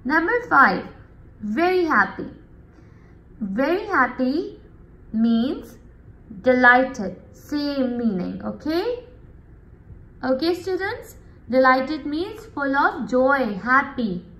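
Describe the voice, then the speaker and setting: A woman's voice: high voice, big pitch swings, a bit bright, reverberant. A woman teacher going through a vocabulary lesson, often checking in with her students. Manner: slow and drawn out, often checking in with "okay, students?". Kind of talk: recorded classroom lesson.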